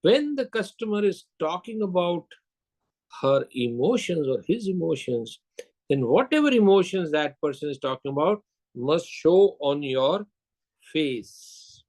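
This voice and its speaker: A man's voice: on the high side, sing-song, measured pace, darkish tone, poor audio. An older man giving a sales lecture, telling anecdotes, acting out dialogue and quizzing his audience.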